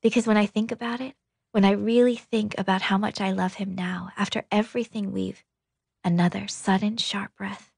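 Husky woman in whispered audiobook reading. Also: medium pitch, steady tone, moderate pace, a little mellow, no echo, clean studio sound. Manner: intimate, breathy, half-whispered. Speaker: audiobook narrator.

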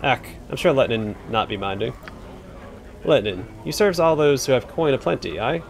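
A rough, wheedling tavern drunkard cadges drinks, as a man reads him aloud. He talks in folksy broken grammar and tags "aye" onto his lines. His pitch swings up and down in a lively way. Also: normal speed.

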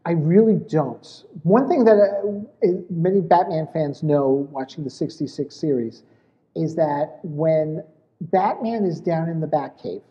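A man's voice: on the high side, a little slow. Man talking in a dull, echoing room. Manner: rambling, with many restarts and "you know"s. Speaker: guest, essay author and podcaster. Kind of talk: casual interview chat.

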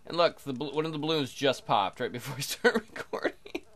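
A man's voice: medium pitch, a little fast, a bit bright. A man hosting a casual let's play, joking crudely and chatting to the characters on screen as he plays. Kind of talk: casual game commentary.

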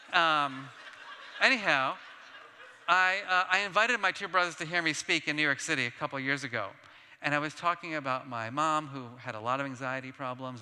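A man giving a conference plenary talk, telling personal stories in an animated, self-deprecating way with laughs. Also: fairly high pitch, clean tone. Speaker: keynote speaker. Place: large conference hall. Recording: long reverb of a large hall.

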